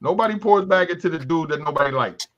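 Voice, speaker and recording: A man in his fifties leads a candid panel talk, making his points through stories and by acting out other people's voices. His voice sits a little high for a man. The stream audio is dull and lo-fi. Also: expressive, quick pace, fairly bright tone. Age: 50s. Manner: storytelling, acts out voices of others. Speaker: talk show host.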